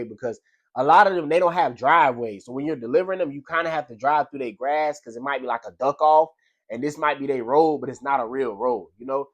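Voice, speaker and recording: Speaking at a quick pace with medium pitch, a man who works as a delivery driver gives a casual motivational talk about life lessons. He tells it in a loose, slangy storytelling style, often saying "you know what I'm saying".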